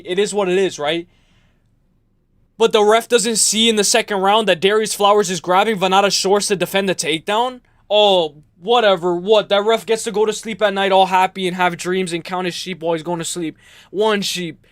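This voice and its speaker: A young man hosting a casual fight-talk livestream from home, rambling and animated with sudden outbursts. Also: sits high, no echo. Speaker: MMA livestream host. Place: home room.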